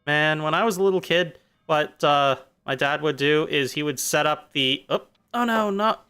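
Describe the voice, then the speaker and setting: Male streamer, loose playful musing over gameplay, a touch high-pitched, smooth clean timbre. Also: fairly even intonation, moderate pace, pushed and bright. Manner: playful, musing, jumping between jokes and philosophy. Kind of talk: casual rambling chat while gaming.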